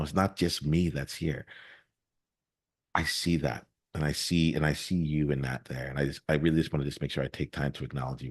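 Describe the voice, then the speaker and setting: A man's voice: extremely low pitch, a little mellow, husky, no room sound, studio quality. A man hosting a podcast interview in an earnest, casual way, often repeating his first words and talking straight to his listeners. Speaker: podcast host.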